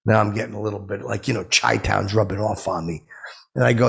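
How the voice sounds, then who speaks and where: Low gravelly guy rambling and stammering thru a funny story, kinda husky. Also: a little fast, sharp tone. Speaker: podcast host. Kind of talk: comedic rambling monologue.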